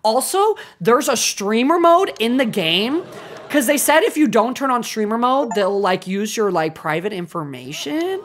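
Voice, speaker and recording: A young woman in her twenties streaming, chatting casually and excitably with lots of filler words. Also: a little high, normal speed, slight background noise. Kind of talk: casual livestream chat.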